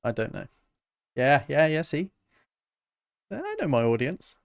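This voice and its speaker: A man from Britain, a music producer casually chatting with his livestream viewers in a relaxed, self-mocking way. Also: a little high, a little slow, no room sound, clean studio sound.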